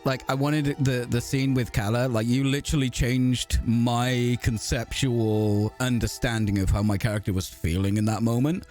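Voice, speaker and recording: A man chatting after a tabletop game, giving warm, effusive praise to fellow players. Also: medium pitch. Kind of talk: post-game chat.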